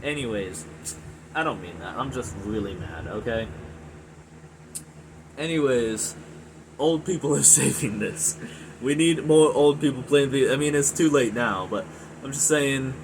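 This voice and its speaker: A frustrated young man in his twenties vents in a rambling, profanity-laced rant about his hobby. His pitch sits in an ordinary middle range. A steady background hum runs under his voice. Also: unhurried, pauses often. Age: 20s. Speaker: gaming video reviewer. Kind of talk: angry ranting monologue.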